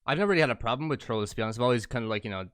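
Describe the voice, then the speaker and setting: A man's voice: mid-range voice, rapid-fire, a bit bright, clean tone, dry recording, clean studio sound. A man hosting a casual podcast chat, laid-back and swearing freely. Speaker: podcast host.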